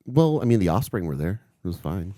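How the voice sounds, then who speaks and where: A man's voice: sits low, very animated, a little fast, warm tone, no room sound. A man co-hosting a podcast, telling a long story in casual chat and swearing freely. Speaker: podcast co-host.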